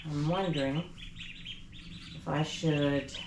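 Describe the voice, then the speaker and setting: A woman's voice: steady tone, takes it slowly. A woman filming a casual farm vlog, chatting as she sets up a pen and fusses over her ducks and chicks. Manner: chatty, talks to her ducks in a high sing-song baby voice. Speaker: farm vlogger. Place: outdoor farm pen with poultry. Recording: clear poultry noise in the background. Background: birds clucking and chirping.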